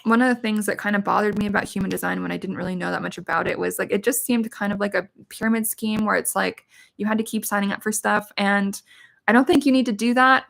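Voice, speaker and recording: A middle-aged woman hosts a casual livestream and talks to her viewers candidly. Her voice carries a gravelly creak at mid pitch, and she speaks with emphasis and swears freely. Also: fairly even intonation, fast. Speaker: livestream host, witch and medium.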